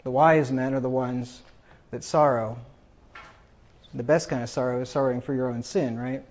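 A man's voice: mid-range voice, steady tone, normal speed, a little mellow, highs cut off. A man preaching a funeral sermon, reading scripture aloud with rising emphasis.

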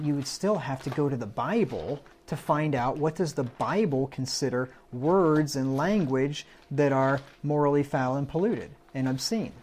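A man's voice: a little high, a little mellow. A man preaching a conversational Bible-study sermon, often asking his listeners "right?" and reading verses aloud. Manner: conversational, quotes scripture, asks the room "right?".

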